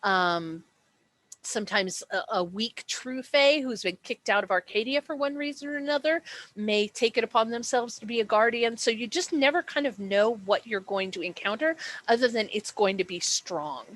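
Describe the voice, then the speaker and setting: A woman's voice: a little high, animated, normal speed, a bit bright. A woman acting as game master, explaining dice rules and describing the setting in a chatty way, with many fillers and self-corrections.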